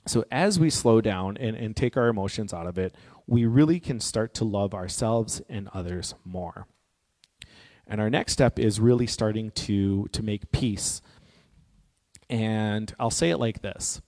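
A man giving a reflective, personal talk in an earnest, gently encouraging way. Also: lowish voice, measured pace. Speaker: speaker on grief and healing. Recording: long hall reverb.

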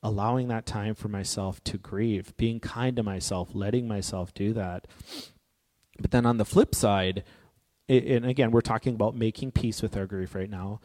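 A man giving a reflective, personal talk in an earnest, gently encouraging way. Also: fairly low pitch, fairly even intonation, normal speed. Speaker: speaker on grief and healing. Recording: long hall reverb.

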